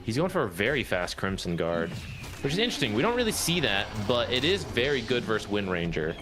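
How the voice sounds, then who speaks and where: A man giving relaxed live commentary on an esports match, chuckling now and then as he breaks down the plays. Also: mid-range voice, a little fast. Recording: music bed behind the voice.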